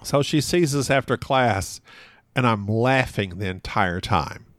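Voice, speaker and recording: A man's voice: medium pitch, expressive, measured pace, fairly bright tone, no echo, clean studio sound. A man appearing as a podcast guest who tells stories in a loose, chatty way, laughing often mid-sentence and poking fun at himself. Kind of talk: casual conversational storytelling.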